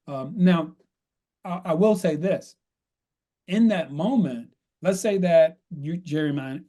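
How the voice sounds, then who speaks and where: A man's voice: fairly high pitch, mellow. A man who is a guest on a podcast, explaining workplace advice in numbered steps and often checking in with "right?". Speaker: guest coach on workplace conversations.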